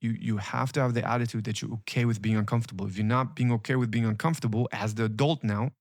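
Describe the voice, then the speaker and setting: A man's voice: mid-range voice, fairly even intonation, fast talker, dry recording, studio quality. A man coaching listeners on emotional healing, speaking emphatically and repeating key phrases with urgency. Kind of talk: motivational coaching talk.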